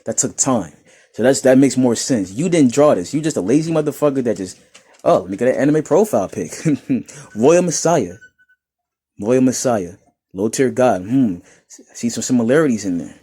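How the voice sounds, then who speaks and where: A man's voice: mid-range voice, moderate pace, long pauses, husky. A young man from New York reading and mocking comments in a casual, laughing commentary. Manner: laughing, mocking, animated rants.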